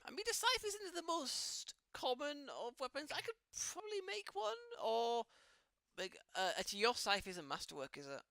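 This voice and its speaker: A man's voice: extremely high pitch, sing-song, normal speed, vocal fry, pushed and bright, no echo, studio quality, pitched above the performer's own voice, heavily acted. A man voicing a fairly young male human weaponsmith who speaks in a hesitant, apologetic way. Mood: businesslike.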